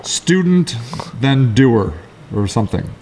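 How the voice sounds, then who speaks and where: A middle-aged man co-hosting a casual talk show, telling rambling stories in quick, lively bursts. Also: medium pitch, a little hiss or hum. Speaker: co-host. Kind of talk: casual chat.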